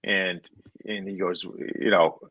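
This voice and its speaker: This deep-voiced man speaks slowly over phone-quality sound with no room tone. He's in his thirties or forties, a former hockey player guesting on a podcast, casually telling profane, animated stories and voicing the people he quotes in shifting tones.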